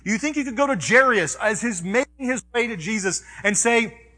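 A male pastor preaching a sermon, swinging from loud urging to quiet reflection, with personal stories woven in. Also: high voice, expressive, a little fast. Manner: personal storytelling within preaching.

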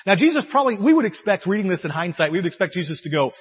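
A man's voice: high voice, fast, breathy edge. A man preaching a sermon and reading scripture aloud, acting out the quoted voices with feeling. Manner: expressive, acts out quoted voices. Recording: dull lo-fi sound with long hall reverb.

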